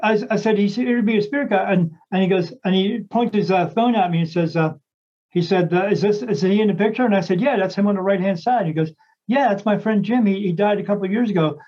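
A man's voice: sits high, quick pace, a little mellow, dull audio. A man, a psychic medium, chatting casually and telling a long story in a rambling way, with lots of restarts and acted-out quotes.

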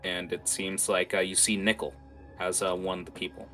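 A man's voice: deep voice, little pitch movement, normal speed, pushed and bright, soft background music. A young man narrating as game master in a casual way, with lots of fillers. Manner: casual, many fillers and restarts.

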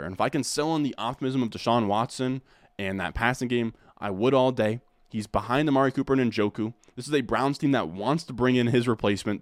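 A man's voice: mid-range voice, dry recording, clean studio sound. A man hosting a fantasy football video, talking casually to viewers with eager, repeated emphasis and a slightly strained voice. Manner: enthusiastic, repetitive emphasis. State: losing his voice, throat clearing. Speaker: fantasy football content creator.

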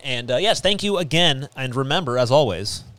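A man's voice: medium pitch, expressive, normal speed, fairly bright tone, dry recording. A man hosting a podcast in a small studio, chatting casually and rambling with many fillers and restarts. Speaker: podcast host. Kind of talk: casual chat.

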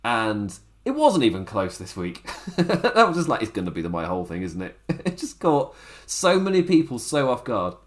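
Young guy, casual wrestling-show host, lively up-and-down voice, rambling and giggly. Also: mid-range voice, moderate pace. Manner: rambling, laughs often, animated. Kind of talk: casual commentary to camera.

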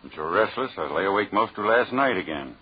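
A weary, worried shipyard worker. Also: male voice, fairly low pitch, lively intonation, fast, husky. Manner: weary, anxious. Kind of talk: 1940s radio ad acting. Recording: dull 1940s radio broadcast.

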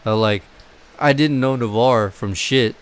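A man's voice: mid-range voice, measured pace, clean tone. A man hosting a casual podcast chat, rambling with lots of fillers and offhand swearing.

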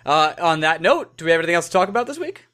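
A man co-hosting a casual sports podcast, jokey and animated, tripping over names now and then. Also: a little high, racing, smooth. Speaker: podcast co-host.

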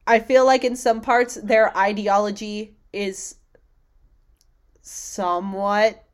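Speaking slowly in a mid-range voice, a young woman chats casually, cursing freely and acting out quotes with big bursts of animated energy.

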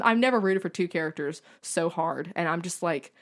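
A woman's voice: mid-range voice, fairly quick, hardly any pauses. Gushing young woman podcast co-host. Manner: gushing, animated storytelling with many fillers. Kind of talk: casual chat.

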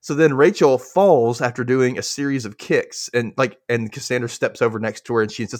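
A man's voice: medium pitch, brisk, few pauses, dry recording, clean studio sound. A young man from Mississippi hosting a podcast, recapping a show in casual chat and acting out the characters. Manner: animated, laughs often, acts out characters. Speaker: podcast host.

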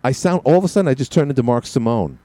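A man's voice: medium pitch, expressive, very fast, mellow. A man hosting a talk radio show from a studio on a headset, rambling and opinionated with many restarts.

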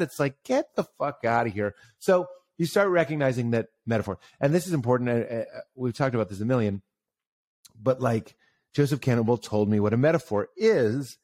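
A man in casual conversation who tells stories with animation, often jumps up in pitch for emphasis and acts out the voices he quotes. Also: animated, normal speed, a little mellow, no room sound.

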